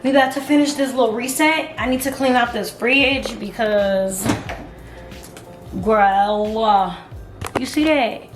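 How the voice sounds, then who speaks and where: Woman, hoarse, chatty vlogger, slightly high voice, roomy echo. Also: fairly even intonation, slow, far from the mic. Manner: chatty, keeps calling the viewer "girl" and "y'all". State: hoarse from singing. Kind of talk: casual chat to camera. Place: home apartment, kitchen and bathroom. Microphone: camera on a tripod. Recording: echoey room with music behind.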